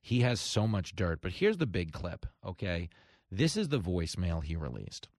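A man's voice: sits low, big pitch swings, normal speed, darkish tone, no room sound, clean studio sound. A man hosting a talk radio show, delivering an emphatic, sarcastic monologue.

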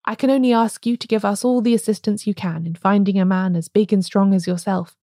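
Lady reading a friendly inspector guy, relaxed, mellow tone. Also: mid-range voice, a little fast, no echo, clean studio sound, natural voice. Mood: amiable. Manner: friendly, easygoing. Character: amiable male police inspector.

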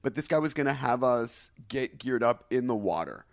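A man's voice: mid-range voice, animated, normal speed, vocal fry. A young man in casual chat, telling stories with frequent laughs. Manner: laughing storyteller.

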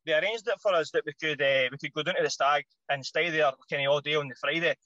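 A man with a Scottish accent, a former footballer telling stories as a podcast guest in an animated, slangy way, swearing freely. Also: a little high, fast, no room sound, muffled recording. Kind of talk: casual anecdote telling.

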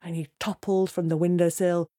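Lively woman telling a children's tale. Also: on the low side, moderate pace. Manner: lively, dramatic, drops to hushed tones for suspense. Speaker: storyteller. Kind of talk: oral storytelling for children.

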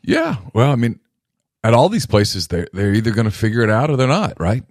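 A man co-hosting a sports podcast in casual talk, emphatic and repetitive, jumping up to a near shout on the points he presses. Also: medium pitch, big pitch swings, a little fast, no room sound, studio quality. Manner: emphatic, repeats himself, rising to a near shout on key phrases. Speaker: podcast co-host.

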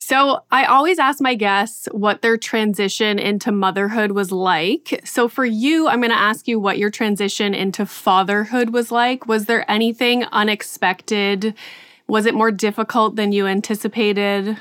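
A woman's voice: mid-range voice, steady tone, moderate pace, fairly bright tone, no room sound, studio quality. A woman hosting a podcast, introducing her guest with gushing enthusiasm before interviewing him. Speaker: podcast host.

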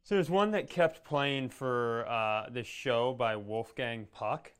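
Smooth-voiced man telling rambling comic stories. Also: mid-range voice, takes it slowly. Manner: rambling storyteller, restarts and asides. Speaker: podcast co-host. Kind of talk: casual comedic chat.

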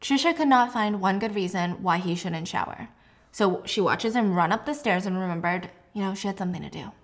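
A woman podcast host narrates a story in a relaxed, conversational way. Her voice sits in an average pitch, chatty and animated. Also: a little fast. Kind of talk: casual true-crime-style story retelling.

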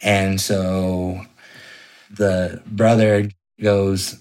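A man's voice: lowish voice, fairly even intonation, normal speed. A young man telling a personal ghost story in an interview, rambling casually with lots of fillers. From California.

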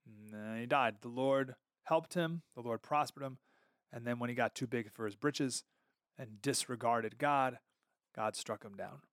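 A man's voice: mid-range voice, unhurried, a bit bright, no room sound, studio quality. A man hosting a podcast, telling a Bible story in an earnest, conversational, sermon-like way. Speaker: podcast host. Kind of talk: casual sermon-style commentary.

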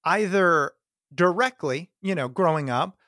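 A man hosting an interview, asking thoughtful, curious questions with pauses. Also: on the high side, expressive, fairly bright tone, dry recording, studio quality. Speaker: interview host.

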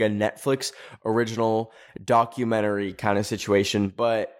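A young man hosting a podcast, ranting casually with a lot of swearing and sarcasm, his voice leaping up in pitch when he stresses a point. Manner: animated, profane, sarcastic, pitch leaping up on emphasis. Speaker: podcast host.

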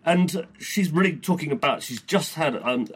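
A man's voice: a little high, expressive, moderate pace, slightly rough. A man with a British accent hosting a podcast, reading old press clippings aloud in a casual, rambling way with stammered restarts. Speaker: podcast host.

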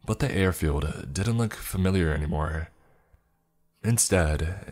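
Deep-voiced man narrating a horror story. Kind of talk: first-person scripted horror narration.

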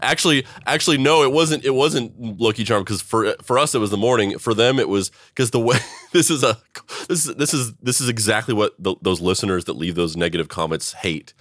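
A man's voice: on the low side, fairly quick, hardly any pauses, a bit bright, no echo. A man co-hosting a podcast in rambling, profane casual chat. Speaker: podcast co-host.

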